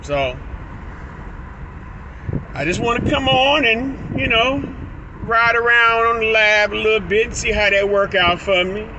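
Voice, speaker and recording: A man's voice: high-pitched, unhurried, long pauses, muffled recording, noisy background. A man talking to his phone camera while driving, rambling with stuttered restarts and laughing asides. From Illinois. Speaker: vlogger. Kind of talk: casual vlog monologue. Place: in a car, driving.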